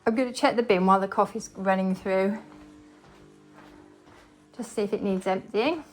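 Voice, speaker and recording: A woman's voice: medium pitch, moderate pace, faint music behind. A woman chatting casually as a cleaning vlogger, thinking aloud and cheering herself on as she works in her kitchen. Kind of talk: casual chat while cleaning along in real time. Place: home kitchen. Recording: clattering household noise behind.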